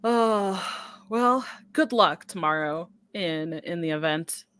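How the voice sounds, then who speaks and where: A woman's voice: fairly low pitch, lively intonation, slow pace, fairly bright tone, clear, resonant tone, no room sound, studio quality. A woman hosting a podcast, upbeat and gushing in casual chat, often laughing. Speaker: podcast host.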